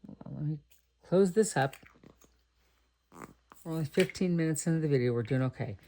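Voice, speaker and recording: A woman's voice: low voice, normal speed, mellow. A middle-aged woman from Texas chatting casually and thinking aloud while she makes greeting cards. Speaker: card-making crafter. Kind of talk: casual crafting chat.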